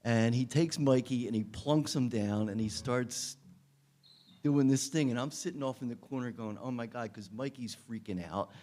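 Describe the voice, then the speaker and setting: Mellow, soft-spoken male musician. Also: mid-range voice, normal speed. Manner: gentle, earnest and soft-spoken. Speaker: guest musician. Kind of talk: personal storytelling before a song.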